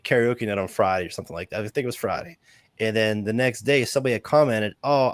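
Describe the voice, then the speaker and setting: A man hosting a live stream, telling stories in an animated way with lots of laughter. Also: fairly low pitch, dry recording. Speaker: host. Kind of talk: casual chat on a live stream.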